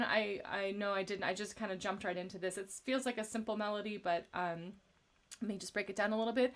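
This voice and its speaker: A woman voice teacher leading a live-streamed vocal warm-up, singing slow phrases and explaining them in quick, chatty asides to viewers. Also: mid-range voice. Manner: greets viewers by name from the chat.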